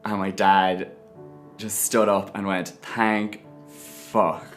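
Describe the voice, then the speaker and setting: A man with an Irish accent, telling his own story to camera in a frank, animated way. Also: low-pitched, slow pace, soft background music. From Ireland. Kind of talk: personal testimony to camera.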